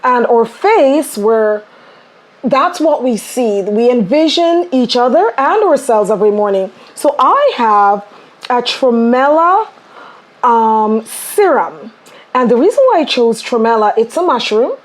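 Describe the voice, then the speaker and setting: Bright-toned enthusiastic woman podcast host. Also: a little high, a little slow. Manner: enthusiastic, animated storyteller. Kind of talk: casual podcast conversation.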